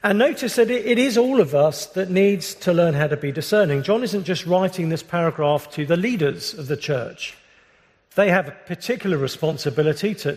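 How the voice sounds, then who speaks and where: A British man preaching a sermon as pastor, earnest and measured, often restarting his phrases. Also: on the high side, a little mellow. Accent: British English. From Britain. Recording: long reverb of a large hall.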